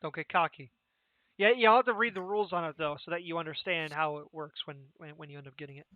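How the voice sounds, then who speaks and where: A man's voice: fairly high pitch, fast talker, no room sound. A young man running a tabletop game as game master, talking casually with lots of fillers and restarts. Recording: tinny phone-like voice chat.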